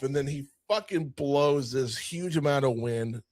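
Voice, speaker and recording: A man co-hosting a casual film review podcast, retelling scenes in an animated way with lots of swearing. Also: mid-range voice, measured pace, dry recording. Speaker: podcast co-host.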